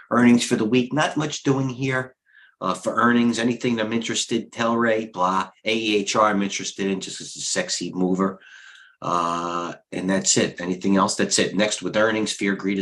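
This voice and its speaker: A man's voice: on the low side, fairly bright tone, rough recording. A middle-aged man, a head trader and coach, giving rambling, off-the-cuff live market commentary with blunt opinions and lots of fillers.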